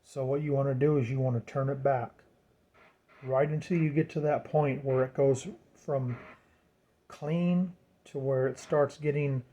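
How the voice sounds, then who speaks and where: A man walks through a radio setup in a loose, rambling way, stumbling over repeated words and filling gaps with "you know." His voice sits dark and mellow, in an ordinary middle pitch. It sounds like a home workshop recording. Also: fairly even intonation, measured pace. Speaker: radio hobbyist explaining setup. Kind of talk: casual how-to tutorial.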